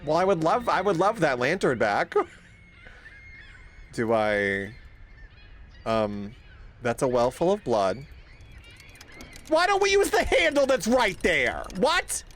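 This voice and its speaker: A young man streaming a horror game, swearing, yelping and laughing loudly whenever something startles him. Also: on the high side, very animated, takes it slowly, pauses often. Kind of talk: live horror game playthrough.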